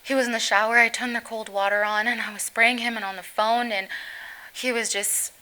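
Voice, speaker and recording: A middle-aged woman telling an interviewer about the day her son was hurt. Her bright voice stays on an even, flat pitch, and her sentences halt and break off as she tries to hold herself together. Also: poor audio. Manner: halting, voice breaking as she recounts. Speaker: guest, mother of injured teen. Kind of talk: emotional recounting in interview.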